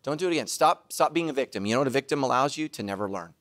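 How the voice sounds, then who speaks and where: A middle-aged man preaching a sermon, self-mocking and animated, now and then bursting into shouts. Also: medium pitch, rapid-fire, dry recording, studio quality. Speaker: pastor.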